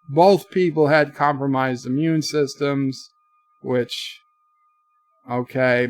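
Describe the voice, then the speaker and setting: A man hosting a casual live stream, rambling about the news and reading chat messages aloud. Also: mid-range voice. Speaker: livestream host.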